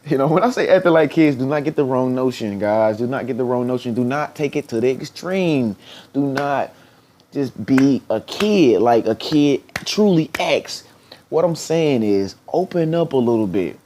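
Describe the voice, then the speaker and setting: A man talks straight to the camera in an earnest, preachy motivational style, at a middling pitch. He leans on repetition to drive his points home. Now and then his voice jumps high and squeaky as he acts out the people he quotes. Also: dark tone. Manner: earnest and preachy, repeating phrases for emphasis. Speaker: motivational speaker. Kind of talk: motivational vlog talk.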